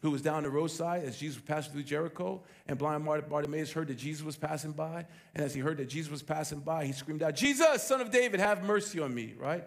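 A man preaching a sermon as pastor, emphatic and animated, with rhetorical questions. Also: fairly high pitch, quick pace, gravelly, hardly any pauses.

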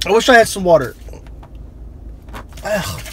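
A man's voice: high-pitched, big pitch swings, measured pace, background noise. A young man vlogging in a casual, rambling way, laughing often and cutting himself off mid-thought. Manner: chatty, laughing, self-interrupting.

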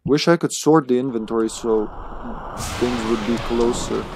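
A man's voice: mid-range voice, normal speed, poor audio. A man casually commenting while he plays a video game live, thinking aloud and greeting his viewers.

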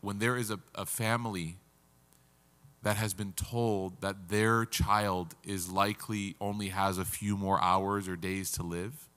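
Guy teaching, kinda low voice, earnest and halting, big hall reverb. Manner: earnest, halting with restarts, voice breaking with emotion. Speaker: religious teacher. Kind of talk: emotional storytelling lecture. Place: community center hall.

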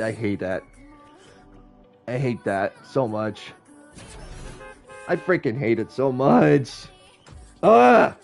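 A man giving casual let's-play commentary on his game from his home setup, chatty and self-deprecating, his voice sounding slightly stuffy. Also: fairly high pitch. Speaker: gaming YouTuber. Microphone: streaming from a game console.

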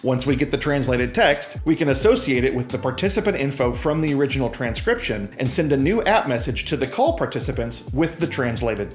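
Upbeat man narrating a tech explainer. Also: medium pitch. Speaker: presenter demoing software.

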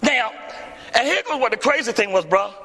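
A male pastor preaching to a congregation, telling a story in a lively, theatrical way and acting out the dialogue. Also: normal speed, vocal fry. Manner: animated, acts out dialogue with big pitch swings. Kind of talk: storytelling sermon. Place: church hall before a congregation. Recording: echoey church hall.

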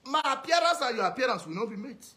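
In a video message, a high-voiced man with a Nigerian Pidgin accent, a social media commentator, berates someone head-on, hurling insults and hammering the same put-downs repeatedly. He talks quickly with big pitch swings, sounding pushed and bright.

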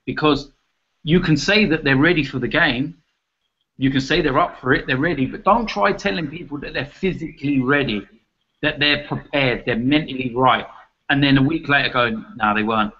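A man, his voice a touch high, rants and mocks his way through a football debate. He swears now and then. The sound is muffled and lo-fi. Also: normal speed. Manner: mocking, ranting, swears. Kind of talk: heated debate banter. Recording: muffled lo-fi audio.

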